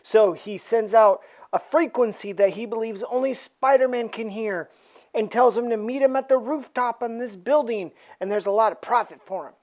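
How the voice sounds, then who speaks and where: A woman's voice: a little high, moderate pace, darkish tone. A woman reviewing a comic book by retelling it in a playful, jokey storytelling manner.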